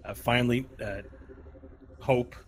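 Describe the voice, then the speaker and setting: A man narrating a tabletop game as its dungeon master, throwing in sound effects and restarting his sentences as he goes. His pitch sits in an ordinary middle range. A faint hiss of noise sits under the voice. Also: fairly even intonation, unhurried.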